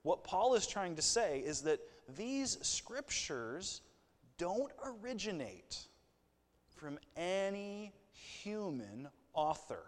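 A man's voice: high-pitched, sing-song, slow pace, long reverb tail. A man preaching a sermon in a conversational way, with asides and light jokes. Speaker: pastor.

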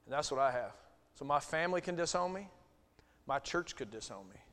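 A male pastor preaching a sermon, swinging from loud bursts to hushed asides. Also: a little high, expressive, fairly quick. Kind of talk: sermon teaching. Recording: long hall reverb.

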